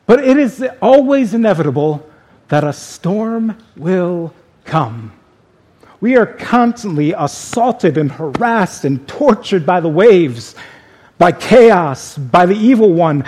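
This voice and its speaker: A man preaching a sermon as pastor, speaking slowly and deliberately with dramatic pauses. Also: high-pitched, a little mellow, slightly rough.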